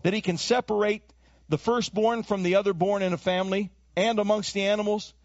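A man preaching a sermon as pastor, animated, dropping into acted voices and to make his points. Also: sits high, brisk, dry recording. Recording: dull lo-fi dry recording.

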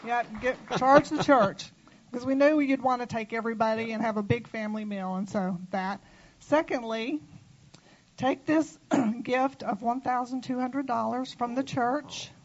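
A woman minister presenting gifts in a church, speaking warmly and affectionately. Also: a little high, moderate pace, dull audio. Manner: warm, affectionate, tearful at times.

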